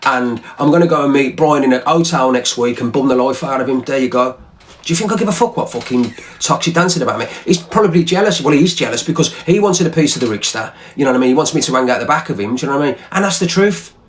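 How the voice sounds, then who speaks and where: A man's voice: mid-range voice, lively intonation, fast talker, slight background noise. A man ranting angrily on a livestream, swearing and repeating himself. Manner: heated, profane, repetitive. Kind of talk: angry livestream rant.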